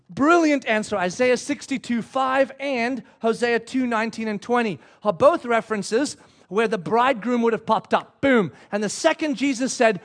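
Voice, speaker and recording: A middle-aged man preaching a sermon, telling stories and acting out the quotes with lively energy. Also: extremely high pitch, moderate pace. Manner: animated storytelling, acting out quotes.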